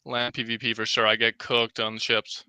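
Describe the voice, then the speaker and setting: A man's voice: mid-range voice, completely flat delivery, normal speed, pushed and bright, smooth, dry recording. A man from the marketing side of a game, answering podcast questions casually and enthusiastically.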